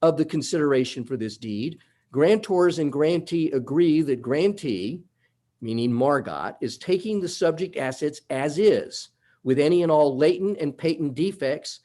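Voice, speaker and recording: A man's voice: fairly high pitch, dark tone. A man arguing a summary judgment motion before a judge in a courtroom, methodical and emphatic as he walks through legal points. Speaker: attorney.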